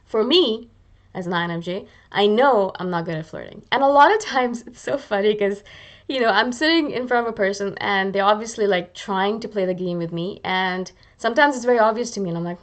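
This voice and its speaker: A woman's voice: mid-range voice, brisk. A woman hosting her own video channel, talking casually and self-mockingly to the camera and acting out little quoted asides. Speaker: YouTube channel host.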